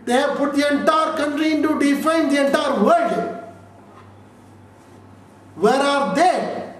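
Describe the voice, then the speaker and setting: A man's voice: very high-pitched, slow, fairly bright tone. Emphatic man in an echoey room. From India. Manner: emphatic, repetitive, rhetorical questions. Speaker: lawyer interviewee. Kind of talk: emphatic interview answers. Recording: echoey room from far off, faint noise.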